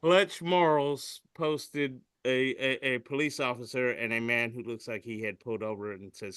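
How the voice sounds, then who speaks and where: A man's voice: medium pitch, steady tone, normal speed, hardly any pauses, a bit bright, smooth, dry recording. A man co-hosting a podcast, reading memes aloud in casual chat, swearing freely and voicing the quotes. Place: studio.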